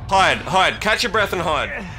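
Man, live horror game commentary, high voice, jumpy, swears, yelps, game music behind. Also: sing-song, measured pace. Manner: jumpy, swears a lot, yells in panic. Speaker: streamer. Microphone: streaming mic.

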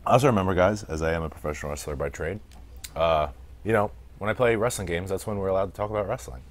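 A man's voice: deep voice, fast talker. An American man doing casual let's-play commentary as a gaming streamer, chatty, laughing often and swearing freely while he reads the chat. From United States.

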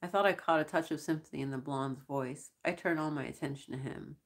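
A woman reads first-person science fiction in a deep, gravelly register. Her delivery is measured, with a dry, wry edge. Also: steady tone. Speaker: audiobook reader. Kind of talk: first-person sci-fi narration.

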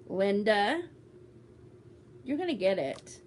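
A woman's voice: a little high, sing-song, takes it slowly, pauses often, slight background noise. A woman vlogging casually as she unboxes a gift swap, bubbly and teasing as she exclaims over each item. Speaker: beauty vlogger.

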